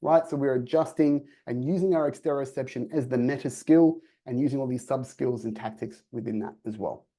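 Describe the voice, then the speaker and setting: This sales coaching talk on a video call comes from a man speaking a little fast at medium pitch, with few pauses. Full of energy, he presents to his virtual audience and performs quoted dialogue in lively voices.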